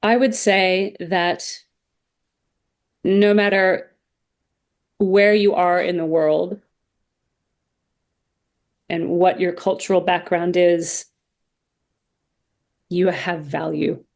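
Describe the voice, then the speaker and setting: A woman's voice: lowish voice, steady tone, very slow, pauses often. A woman, a voice coach speaking as a podcast guest, earnest and emphatic, often repeating phrases. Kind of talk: interview conversation.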